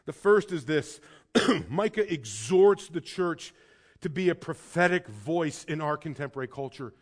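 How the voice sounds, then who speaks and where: A man preaching a sermon in earnest, swinging between hushed and emphatic lines, often repeating words as he starts a sentence. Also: fairly high pitch, expressive, unhurried. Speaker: pastor.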